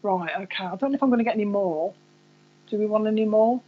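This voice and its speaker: A woman's voice: mid-range voice, fast, narrow, tinny audio. A woman psychic medium giving live readings to viewers, chatty and rambling, calling people by name.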